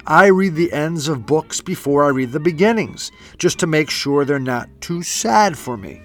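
A man's voice: fairly high pitch, expressive, moderate pace, fairly bright tone, soft background music. A man voicing a shy little hedgehog in a storybook reading. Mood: timid. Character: shy little hedgehog who fears sad endings.

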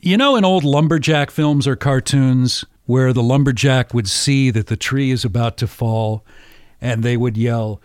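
A male podcast host telling a story casually, animated and often laughing. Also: mid-range voice, normal speed, no room sound, studio quality.

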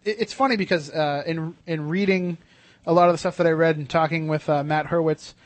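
A man's voice: a little high, steady tone, dry recording. A man hosting a radio show in casual, rambling chat, often restarting his sentences. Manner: quick, chatty, rambling with restarts.

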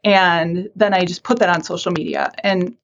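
A woman's voice: lowish voice, steady tone, normal speed, highs cut off, slight background noise. A woman counselor for teens, chatting casually in an interview, self-deprecating and laughing often. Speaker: mental health counselor for teens.

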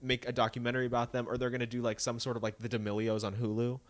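A young podcast co-host races through casual celebrity gossip in a monotone, mid-range voice, animatedly mimicking people with put-on voices. There's no echo on the recording.

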